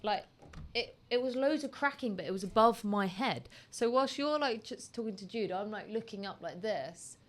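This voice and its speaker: Animated woman telling a story. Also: mid-range voice, normal speed, a little hiss or hum. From United Kingdom. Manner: animated, acts out her own reactions in quotes. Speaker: podcast co-host. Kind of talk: casual storytelling chat.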